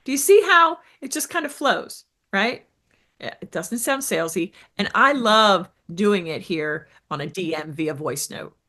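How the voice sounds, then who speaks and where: A woman's voice: medium pitch, lively intonation, measured pace, bright, forceful tone. A woman coaching business owners on sales, with an upbeat, emphatic delivery, often checking in with "right?". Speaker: business coach and show host. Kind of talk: coaching talk to camera.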